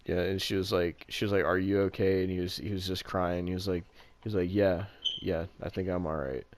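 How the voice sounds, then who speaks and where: A man with a deep, low voice chats casually as a podcast host. He rambles through a story, stacking "like" fillers and dropping the odd swear word. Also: flat delivery, brisk, slight background noise. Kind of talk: casual chat retelling a movie plot.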